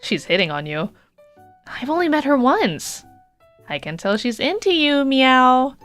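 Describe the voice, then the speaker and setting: A woman's voice: high voice, very animated, a little slow, a bit bright, faint music behind, pitched above the performer's own voice, exaggerated voice. A woman voicing a small talking female kitten who teases and ends her lines with a meow. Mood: teasing. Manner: teasing, tacks on a meow.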